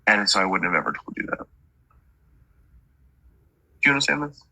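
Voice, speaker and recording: A man's voice: fairly low pitch, very animated, moderate pace, vocal fry, bright, forceful tone, dry recording, rough recording. A man working as a medium, relaying messages in a chatty reading and stringing quotes together with "he's like".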